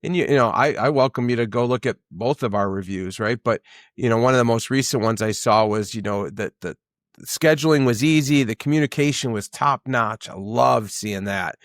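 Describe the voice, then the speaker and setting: Business owner, male, mid-pitched, casual storyteller who quotes people, dry sound. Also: normal speed, no room sound. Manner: rambling storyteller, many fillers, acts out quotes. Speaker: business owner, podcast guest. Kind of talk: casual conversation.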